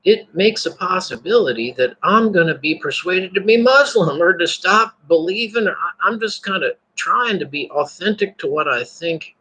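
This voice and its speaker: A man speaks straight to his viewers in a loose, rambling monologue, doubling back and restarting his sentences as he goes. His voice is slightly high for a man, with a bright, forceful edge and a husky grain. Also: expressive, moderate pace, hardly any pauses, poor audio. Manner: rambling, repeats words and restarts, laughs to himself. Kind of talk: casual spoken monologue.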